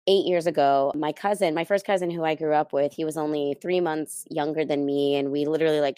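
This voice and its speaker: Woman, low voice, interview guest, candid personal storytelling, dry sound. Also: darkish tone, clear, resonant tone, no room sound. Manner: candid and easygoing, laughs lightly. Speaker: interview guest, event planner.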